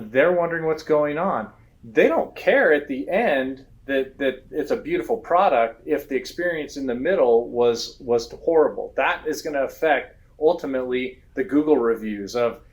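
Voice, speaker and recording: Man, guest expert, casual animated storyteller, acts out customers mid-sentence. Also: mid-range voice, normal speed. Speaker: guest, roofing software expert. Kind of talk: conversational business interview.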